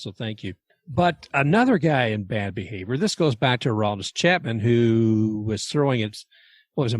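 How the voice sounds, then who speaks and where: A man's voice: medium pitch, dry recording. A man co-hosting a sports talk show, chatting casually and often restarting his phrases. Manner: halting, restarts phrases, chuckles. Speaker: podcast co-host.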